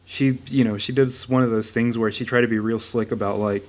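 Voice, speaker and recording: A man's voice: lowish voice, fairly even intonation, fairly quick, few pauses, darkish tone. A man in his thirties co-hosting a podcast. He rambles casually, swears a lot and acts out voices when he tells stories. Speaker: podcast co-host. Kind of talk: casual chat.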